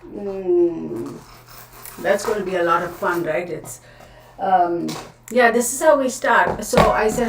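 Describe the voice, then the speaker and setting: A woman hosts a casual tarot livestream, chatty and scattered and often laughing at herself. Her voice is on the low side with vocal fry and a slow pace, and the audio is roomy and distant, like a camera mic, with background noise.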